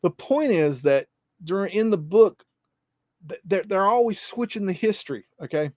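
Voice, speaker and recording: A man hosts a live podcast and rambles, repeating himself and swearing freely. His voice sits a bit high. The sound is dry and close. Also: animated, moderate pace, a little mellow, dry recording. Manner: rambling, repetitive, profane. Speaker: podcast host.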